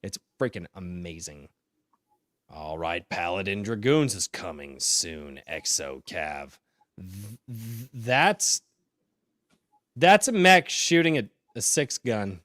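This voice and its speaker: An American man hosting a casual live-stream podcast, joking and excitable, swinging from loud outbursts to mumbled asides. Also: sits low, takes it slowly, no room sound, studio quality. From United States. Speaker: podcast host.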